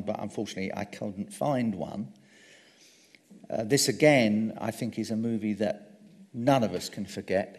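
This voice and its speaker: Man lecturing in a reverberant hall. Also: medium pitch. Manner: animated storyteller with frequent ums and wry asides. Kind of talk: public lecture on film history.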